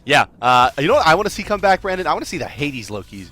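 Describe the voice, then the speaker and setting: A man casting an esports match, energetic and chatty, laughing often. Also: fairly high pitch, quick pace, slight background noise. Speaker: esports caster. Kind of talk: play-by-play commentary.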